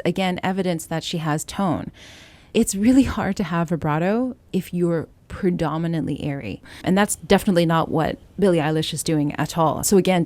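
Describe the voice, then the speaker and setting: A woman voice coach teaching a song, explaining calmly and singing short example lines. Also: on the low side. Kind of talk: singing lesson.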